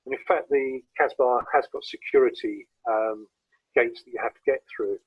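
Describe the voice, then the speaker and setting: A man with a southern English accent, giving a relaxed, anecdotal photography talk with frequent hesitations over a video call. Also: medium pitch, moderate pace, breathy edge, no echo, narrow, tinny audio. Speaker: guest speaker presenting photography. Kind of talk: informal illustrated talk.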